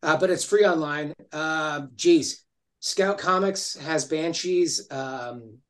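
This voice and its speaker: Male podcast guest, higher-pitched, animated and stammering, casual chat. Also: takes it slowly. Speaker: guest comic writer.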